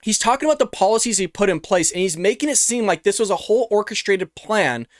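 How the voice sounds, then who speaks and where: A male show host gives opinionated reaction commentary straight into a close microphone. His voice sits high and the sound is bone dry. He keeps turning to his viewers as folks. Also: lively intonation, quick pace, dry recording. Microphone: close studio microphone.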